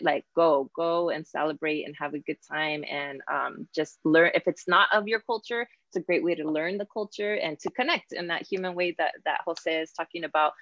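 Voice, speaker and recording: A woman's voice: deep voice, gravelly, no room sound, highs cut off. A woman hosting an online class conversation, chatty and casual, slipping in Spanish words. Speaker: host and professor.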